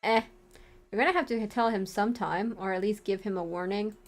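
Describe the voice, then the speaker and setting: A woman voicing a boisterous, teasing male friend from a visual novel, playful and loud. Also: medium pitch, a little fast, faint music behind, lightly acted. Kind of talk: reading visual novel lines aloud.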